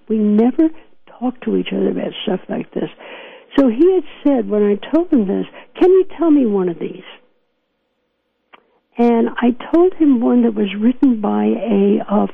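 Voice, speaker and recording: An older woman physician with a New York accent speaks in a mid-range, gravelly, slightly rough voice over a dry, tinny phone line with no echo. As a guest in a reflective interview, she tells stories earnestly and laughs often.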